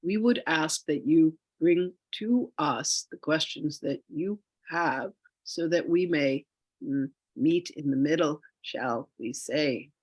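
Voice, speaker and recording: A man voicing a solemn collective of ancient spirit masters who speak slowly and formally, humming between phrases. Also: a little high, no room sound. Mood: solemn, tender. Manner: slow, formal, archaic speech with humming pauses.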